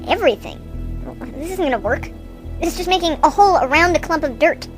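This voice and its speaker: A woman's voice: extremely high pitch, lively intonation, quick pace, faint music behind. A woman playing Johnny, a fussy, sarcastic man doing yard work, in an improvised radio comedy.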